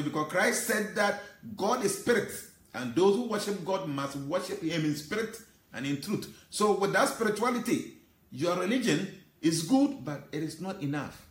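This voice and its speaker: A man's voice: sits high, reverberant. A man preaching an earnest, emotional sermon, reciting Sanskrit verses and explaining them. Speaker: spiritual teacher.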